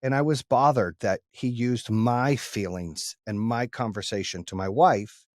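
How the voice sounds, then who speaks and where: Male podcast host, mid pitch, blunt casual storyteller with salty language, dry booth sound. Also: a little slow, no room sound. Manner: blunt, swears freely, retells arguments in dialogue.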